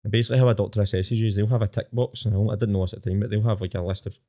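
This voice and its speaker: A Scottish man in his twenties telling his own story candidly as a podcast guest, plain-spoken and rapid. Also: lowish voice, fairly even intonation, dark tone.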